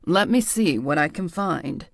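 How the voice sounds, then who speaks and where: A woman's voice: fairly low pitch, lively intonation, a little slow, creaky, no room sound, voice pushed down, exaggerated voice. Give me a blunt, theatrical man with a cutting tongue, read by a woman, in a dry studio recording. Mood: sassy, blunt. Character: blunt, sassy man, bossy fashion critic.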